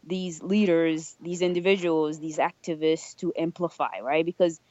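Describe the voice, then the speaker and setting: Low-voiced earnest woman on a lo-fi podcast. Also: fairly even intonation, normal speed, a little mellow, dry recording. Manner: earnest, reflective, rhetorical "right?" tags. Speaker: podcast guest, nonprofit leader. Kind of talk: casual podcast conversation.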